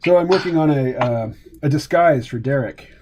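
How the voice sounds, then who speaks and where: A man's voice: mid-range voice, normal speed, very noisy. A man streaming while he draws, chatting casually in a wry, rambling way and laughing often. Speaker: streamer and cartoonist. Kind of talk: casual chat while drawing.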